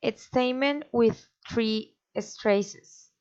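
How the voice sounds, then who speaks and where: A woman reading pronunciation practice sentences aloud, with slow, deliberate, exaggerated intonation. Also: on the high side, clear, resonant tone, highs cut off. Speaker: student reading pronunciation drills.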